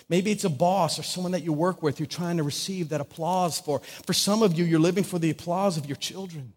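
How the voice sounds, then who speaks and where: A pastor delivering a sermon with a notably high voice. He talks conversationally, acting out small scenes and dropping from loud lines to hushed ones. The sound carries a long reverb from a church sanctuary. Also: fairly quick, hardly any pauses. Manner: conversational, acts out little scenes with wide swings from loud to hushed. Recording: hall reverb.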